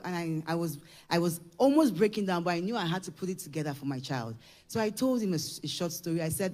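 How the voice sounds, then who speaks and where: A middle-aged Ugandan woman giving a church testimony, moving from hushed storytelling to shouted praise. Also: lowish voice, lively intonation, fast talker. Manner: emotional, building from hushed telling to shouted praise.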